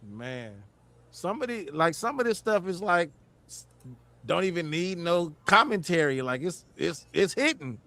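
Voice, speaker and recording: A man's voice: high-pitched, sing-song, unhurried, sharp tone. A man hosting a casual talk show, speaking loosely and in slang as he asks a panelist a question. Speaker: host. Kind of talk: casual discussion.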